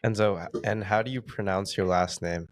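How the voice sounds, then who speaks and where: A young man co-hosting a church podcast, laid-back and playful, quick with reactions. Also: low voice, steady tone, no room sound, clean studio sound. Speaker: podcast co-host. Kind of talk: casual podcast chat.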